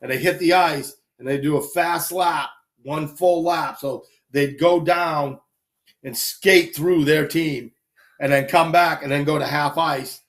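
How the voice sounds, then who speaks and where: A man casually telling animated anecdotes on a live stream, acting out quick voices as he goes. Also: on the high side. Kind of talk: casual storytelling.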